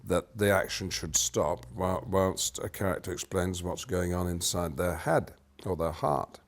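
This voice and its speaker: Older british actor man, low voice, explains stuff really animated, goes loud then quiet, hums the beats. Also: measured pace. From Britain. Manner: animated explaining, swinging between loud and soft, hums rhythms. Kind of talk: interview.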